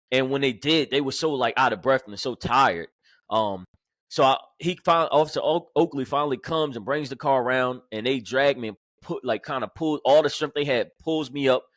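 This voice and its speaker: A male police corporal recounts his own story as a podcast guest. He speaks at a middling pitch and goes haltingly, stacking fillers and restarts. The sound is dry and close, with no room echo. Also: a bit bright. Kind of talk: personal storytelling in an interview.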